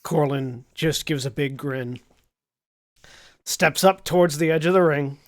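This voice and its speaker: A man's voice: a little high, a little slow. A man playing in a tabletop game, describing his character's actions in a playful, casual way. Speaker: player.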